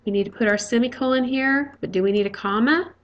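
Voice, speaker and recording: This is a recorded grammar lesson from a female teacher whose voice is slightly high, and the audio sounds dull. She works through the material patiently and methodically, with many pauses filled by "uh" and "okay."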